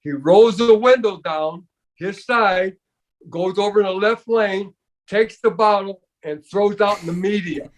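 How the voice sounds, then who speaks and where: An older interview guest works through a long, casual story, tripping over words, starting over, and repeatedly saying "man" and "you know." He speaks unhurriedly, in a voice a bit higher than typical for a man.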